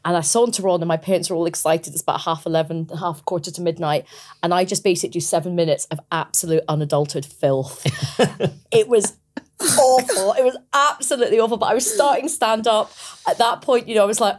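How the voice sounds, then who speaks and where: A woman in her forties with a Scottish accent, a podcast guest telling stories in a lively, chatty way with frequent laughs. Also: medium pitch, fairly quick. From Scotland. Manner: lively storyteller, laughs often, mimics her parents. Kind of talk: casual interview chat.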